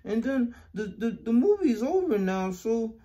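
A man's voice: extremely high pitch, big pitch swings, normal speed, roomy sound. A man voicing a whiny, stammering little boy in a comedy skit. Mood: pleading. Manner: stammering, whining. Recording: loud background noise.

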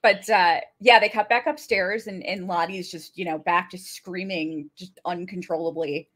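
A woman's voice: fairly low pitch, normal speed. A woman co-hosting a podcast, recapping a TV episode in casual chat, acting out quotes and laughing often. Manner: animated storytelling, acts out quotes, laughs often. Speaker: podcast co-host.

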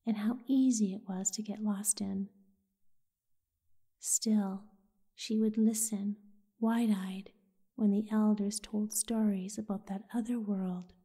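A woman with a breathy, half-whispered voice, softly narrating a soothing bedtime story. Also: medium pitch. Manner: soft, half-whispered delivery.

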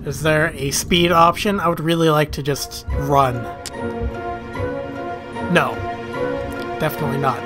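A man's voice: on the high side, fairly even intonation, measured pace, pauses often, music in the background. A man doing let's play commentary, frustrated and swearing at the game. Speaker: gaming video host.

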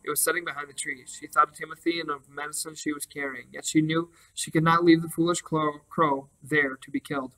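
A man reading a children's novel aloud in a steady, even way, with small slips now and then. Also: on the high side, low-quality recording. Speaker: storybook reader.

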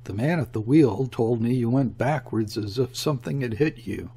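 Man voicing a solemn, earnest, credulous sea captain for a storybook, husky voice. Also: medium pitch, normal speed, dark tone.

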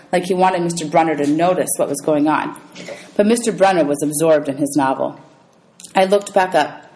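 Woman teacher, read-aloud storyteller, slightly low voice, lively. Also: low-quality recording. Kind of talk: reading a novel aloud to students.

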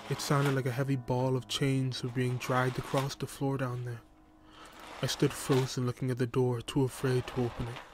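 Man reading a creepypasta, pretty monotone, music playing under him. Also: mid-range voice. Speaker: narrator. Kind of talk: scripted horror narration.

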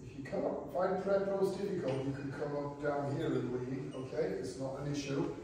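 A man's voice: fairly high pitch, steady tone, normal speed, dark tone, a little hiss or hum. A man leading a group stretch class in a community centre hall, cheerfully joking as he calls out exercise cues. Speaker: exercise instructor. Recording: very echoey hall, from far off.

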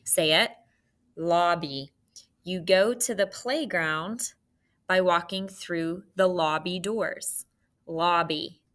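A woman teaching a phonics spelling lesson, spelling out letters slowly and patiently and checking answers with the class. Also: fairly low pitch, a bit bright.

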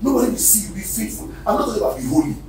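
A Nigerian-accented man preaching a sermon as pastor, swinging from loud shouted exhortations to quiet near-whispers. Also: high voice, racing, a crowd in the background. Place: church hall. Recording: echoey hall, distant mic, faint noise.

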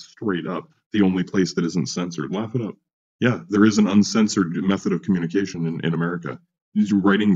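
A man's voice: deep voice, darkish tone, slightly rough, muffled recording. A man ranting in a rambling, profane monologue, full of restarts and asides, as a vlogger.

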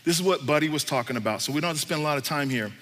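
A man's voice: fairly high pitch, very fast, a bit bright. A man pastor preaching a sermon in a casual, joking way with slang. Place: church hall. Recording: reverberant church hall.

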